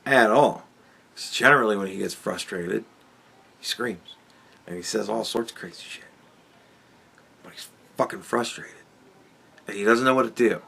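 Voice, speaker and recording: A man's voice: on the low side, normal speed, vocal fry, long pauses, bright, forceful tone, breathy edge. A man hosting a podcast, giving a sardonic, profanity-laced commentary monologue and chuckling often. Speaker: podcast host.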